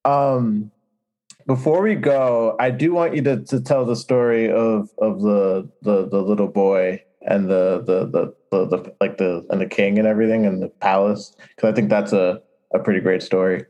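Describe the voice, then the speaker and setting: Low, mellow male podcast host. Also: steady tone, moderate pace, highs cut off. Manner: stumbling, restarting phrases. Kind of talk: casual chat.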